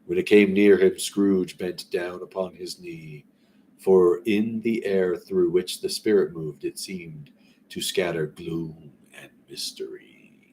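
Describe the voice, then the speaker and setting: A man reading a classic story aloud in a relaxed way, breaking off now and then for rambling, conversational asides. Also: low-pitched, slow, a little hiss or hum. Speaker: story reader.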